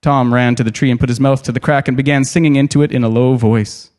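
A man reading a novel aloud in an expressive, dramatic way, pausing to add his own comments. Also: medium pitch. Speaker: storyteller.

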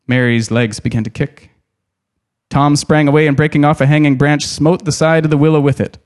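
A man reading a novel aloud in an expressive, dramatic way, pausing to add his own comments. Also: on the high side, clean tone. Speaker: storyteller.

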